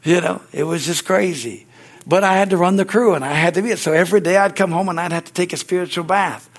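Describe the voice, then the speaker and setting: A middle-aged man preaching a sermon in church, fervent, with repeated words and frequent amens. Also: fast talker. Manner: stories grow loud and high-pitched. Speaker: pastor.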